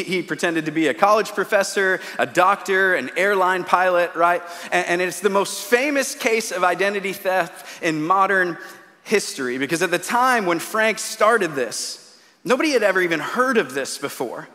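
A man in his thirties preaching a sermon in a church auditorium. His voice sits fairly high, and he tells stories casually, often restarting mid-phrase. A long hall reverb trails behind his words. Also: sharp tone. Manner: conversational storytelling with repeated restarts. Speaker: pastor.

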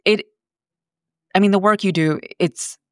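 A woman's voice: medium pitch, unhurried, no echo, clean studio sound. A woman interviewing a guest, asking questions in an encouraging way with hesitant, searching phrasing. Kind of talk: conversational interview.

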